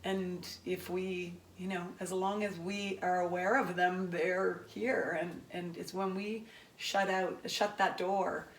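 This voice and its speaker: A woman hosting an interview, speaking gently and reflectively. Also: lowish voice, little pitch movement, slow pace. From Canada. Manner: gentle, reflective, soft-spoken. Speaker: host. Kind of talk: interview conversation. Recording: echoey room from far off, faint noise.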